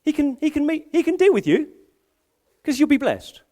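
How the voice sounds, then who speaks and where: A man's voice: extremely high pitch, very animated, moderate pace, mellow. A middle-aged man, a senior pastor preaching live at a church service, telling stories with self-deprecating humor and frequent restarts. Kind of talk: live sermon. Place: church service in a school hall.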